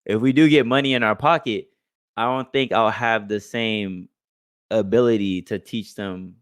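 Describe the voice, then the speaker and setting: A man's voice: lowish voice, moderate pace, clean tone, no room sound, studio quality. A young man co-hosting a podcast in casual chat, loose and profane, often acting out what other people say in different voices. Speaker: podcast co-host.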